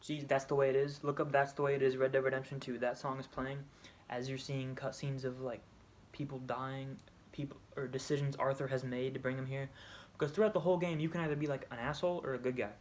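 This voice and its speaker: A man's voice: mid-range voice, little pitch movement, fast. Man rambling through a game story. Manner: rambling, with frequent restarts and self-corrections. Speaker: video creator. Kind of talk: casual retelling of a game story.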